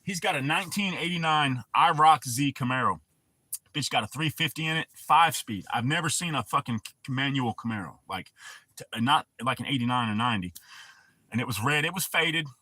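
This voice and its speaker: A man's voice: medium pitch, lively intonation, a little fast, bright, forceful tone, no echo. A man hosting a livestream, telling profane, rambling stories in casual talk and answering his chat. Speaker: livestream host.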